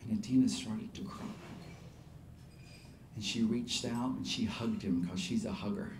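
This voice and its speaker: A man with a Southern US accent performing a personal story on stage, animated and comic. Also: lowish voice, a little slow, background noise. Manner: animated and comic, laughing through lines. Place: live storytelling show venue. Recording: echoey hall with faint ambience.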